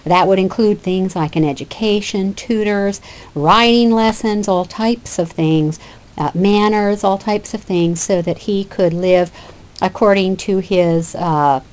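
Lady teacher walking thru an old play, kinda low voice, explains as she goes. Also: darkish tone. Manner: explanatory, with fillers and restarts. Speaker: literature teacher.

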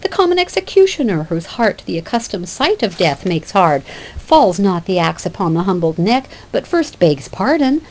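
A woman voicing a lovesick young male shepherd who pleads in high, lively verse. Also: normal speed. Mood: pleading.

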